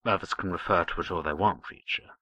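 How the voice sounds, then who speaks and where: A man reading a gruff, skeptical starship captain. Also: sits low, fast talker, bright, forceful tone, low-quality recording. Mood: wry.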